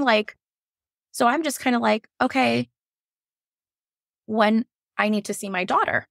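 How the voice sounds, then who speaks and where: Woman, 30s, guest sharing a hard birth story; gravelly, frank, emotional, dry close sound. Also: mid-range voice, moderate pace, fairly bright tone, no echo. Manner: emotional, frank, swears, many fillers. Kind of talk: candid personal storytelling.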